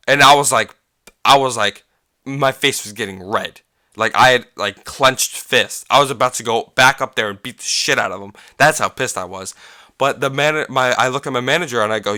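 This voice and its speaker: A young man talks through stories on his own podcast, stumbling over words and cursing as he goes. His voice is bright and a little sharp, recorded close and dry with no room sound. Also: medium pitch, brisk, no room sound. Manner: rambling, restarts and swears often, loses his train of thought. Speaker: podcast host. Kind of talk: casual solo podcast storytelling.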